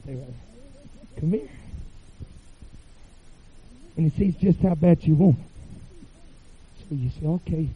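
A man preaching a revival sermon in a church, chanting phrases with "uh" fillers and rising to shouts. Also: fairly high pitch, normal speed, slightly rough, narrow, tinny audio.

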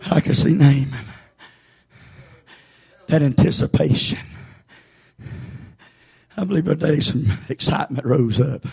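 A man preaching a sermon as pastor, swinging between shouted refrains and quieter storytelling. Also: on the high side, measured pace, vocal fry, pauses often, breathy edge. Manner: shouting, chanting preacher with sudden hushed storytelling.

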